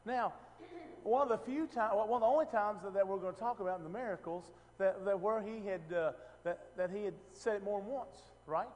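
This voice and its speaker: A man's voice: sits high, brisk, darkish tone, long reverb tail. A man teaching a Bible passage in a casual, conversational way, often asking the room questions and restarting his sentences. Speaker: preacher.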